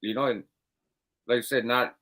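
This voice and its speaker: A man's voice: mid-range voice, fairly even intonation, normal speed, fairly bright tone. A man co-hosting a live podcast, talking in a loose, laid-back, rambling way and chuckling often. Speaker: podcast co-host. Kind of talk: casual live podcast chat.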